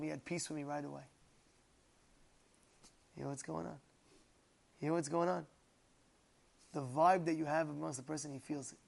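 High-voiced man telling a story in class. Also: gravelly, darkish tone. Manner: repetitive, emphatic storytelling. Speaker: Torah teacher.

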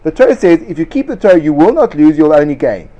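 A man giving a lively Torah class to students, sarcastic and quick to laugh at his own points. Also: a little high, highs cut off. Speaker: Torah teacher.

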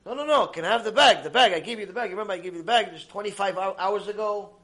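A man voicing a money-obsessed working traveler who shouts and pleads in exasperation. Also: high-pitched, wildly swooping pitch, moderate pace, heavily acted. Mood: pleading.

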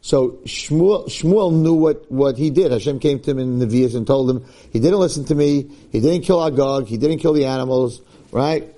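A man's voice: normal speed, mellow. A man, a rabbi giving a Torah class, who acts out quoted dialogue, mixes in Hebrew and Yiddish terms and often repeats words as he restarts. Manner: acts out quoted dialogue with sudden jumps in pitch; peppers his talk with Hebrew and Yiddish terms. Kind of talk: animated Torah lecture.

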